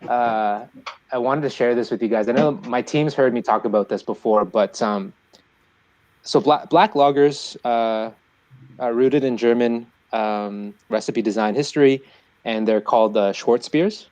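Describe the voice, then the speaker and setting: Male podcast guest, brewer, loose animated storyteller, mid-pitched, lots of "like" and "um". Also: unhurried, rough recording. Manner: animated storyteller with many fillers. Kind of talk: casual podcast chat.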